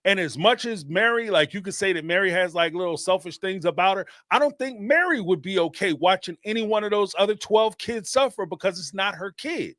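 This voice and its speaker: High, animated man on a dry mic. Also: fairly quick, hardly any pauses, no echo. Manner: animated, emphatic, repeats points for effect. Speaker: host of a reality TV commentary channel. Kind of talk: casual live commentary.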